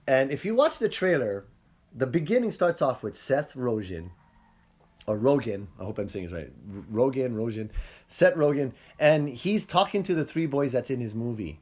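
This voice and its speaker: Lively, animated man chatting about movies. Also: medium pitch, normal speed. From Hawaii. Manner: animated, acts out scenes in funny voices, laughs often. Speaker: podcast host. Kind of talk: casual movie chat.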